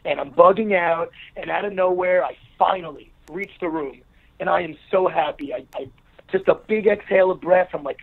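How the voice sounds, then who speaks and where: A man's voice: high-pitched, normal speed, creaky. A man, a wrestler guest, telling a casual anecdote and acting out the people in it. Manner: acts out quoted people in an anecdote. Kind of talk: casual storytelling interview. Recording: tinny phone line.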